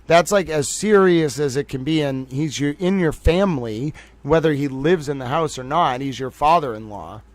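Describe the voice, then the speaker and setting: A man's voice: fairly high pitch, moderate pace, hardly any pauses, dry recording. A man hosting a casual livestream and commenting on a court case, rambling and joking about himself. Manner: rambling, chatty, self-joking. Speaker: livestream host covering a trial.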